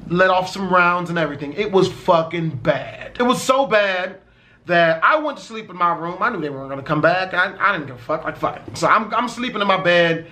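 High, bright-voiced young man, swearing. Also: expressive, brisk. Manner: profane, emphatic, swears constantly. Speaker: vlogger telling a personal story. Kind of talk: casual story time.

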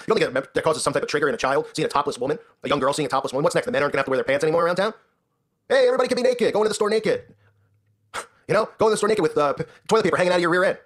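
Husky, fast-talking indignant male host. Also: on the high side, a bit bright. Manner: indignant, sarcastic, repeats "right?". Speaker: commentary show host. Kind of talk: ranting commentary.

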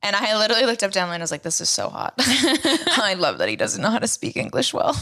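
A young woman with a Boston accent co-hosts a casual podcast in a bright, sharp voice. She is blunt and crude and often breaks into laughing banter. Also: medium pitch, huge pitch swings, fast. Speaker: podcast co-host. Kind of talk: casual chat.

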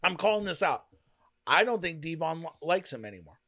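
A man co-hosting a casual reaction chat, talking fast and excitably. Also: a little high. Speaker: co-host.

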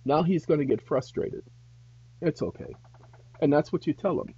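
A husky man talks straight to his viewers, measured and deliberate, and his lively pitch swings up into loud indignation. It is a dull, dry recording. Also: no echo. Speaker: host. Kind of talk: advice monologue to viewers.

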